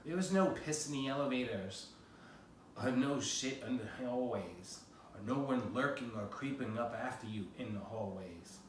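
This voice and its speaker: An American man reads excerpts from his own memoir in a plain first-person way, at medium pitch and normal speed. He sounds distant in a very echoey room, with faint noise.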